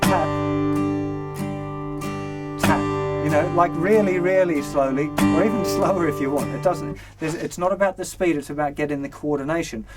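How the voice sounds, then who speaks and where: A man's voice: a little high, a little fast, hardly any pauses. Upbeat man teaching guitar. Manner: relaxed and encouraging, counts beats aloud. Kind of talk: instructional lesson. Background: guitar strumming.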